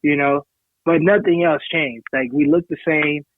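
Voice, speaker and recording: Podcast co-host, dry tinny phone-like sound, fairly high voice for a man. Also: steady tone, moderate pace, a little hiss or hum. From Haiti. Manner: self-assured, explains at length. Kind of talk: casual podcast chat.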